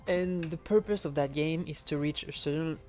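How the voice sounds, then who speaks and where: A man's voice: fairly high pitch, moderate pace, warm tone, faint music behind. A man from France with a French accent, chatting casually and laughing often as he streams a speedrun. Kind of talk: casual live-stream commentary.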